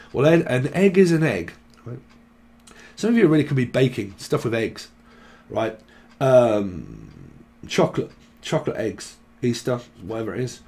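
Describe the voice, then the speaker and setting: A man's voice: mid-range voice, a little mellow. A man giving a loose, free-associating tarot reading, jumping between names and words and joking as he goes. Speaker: tarot reader. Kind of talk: rambling channeled tarot reading.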